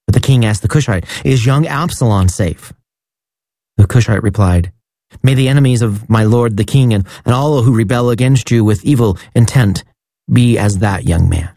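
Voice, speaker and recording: Low, mellow man reading scripture. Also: dry recording. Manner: measured, solemn reading. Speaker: scripture reader.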